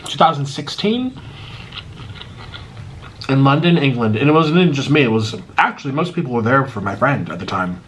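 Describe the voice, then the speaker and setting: A man's voice: medium pitch, animated, normal speed, pauses often, slight background noise. An American man rambling casually to his viewers while eating, often stopping and restarting his sentences. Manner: rambling, self-interrupting, chatty. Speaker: mukbang YouTuber. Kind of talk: casual eating vlog chat.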